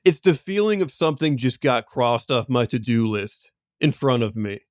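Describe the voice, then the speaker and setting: A man's voice: medium pitch, expressive, moderate pace, a little mellow, no room sound, clean studio sound. A man co-hosting a podcast, telling stories in loose, rambling casual chat full of asides and laughs. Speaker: podcast co-host.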